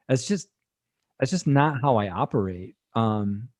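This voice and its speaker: A man, an executive pastor, talking as a podcast guest in a reflective, hesitant way with many pauses and restarts. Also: mid-range voice, animated, darkish tone, no echo. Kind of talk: casual conversation.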